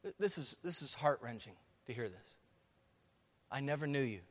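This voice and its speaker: A man preaching a sermon to his church, emphatic, swinging from soft to loud. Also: medium pitch, expressive, normal speed, in a large hall. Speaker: pastor. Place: church sanctuary.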